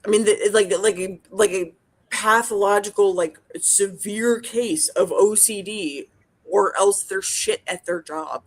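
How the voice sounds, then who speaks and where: A woman's voice: mid-range voice, fairly even intonation, measured pace. Blunt, sweary woman in casual chat. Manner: blunt, profane, rambling with many restarts. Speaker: podcast co-host, dental hygienist.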